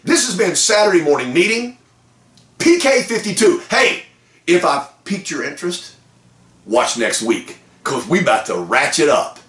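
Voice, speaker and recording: A man hosting a car sales meeting, giving an energetic, folksy motivational pep talk. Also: a little high, moderate pace, roomy sound. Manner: energetic, folksy, lively with whoops.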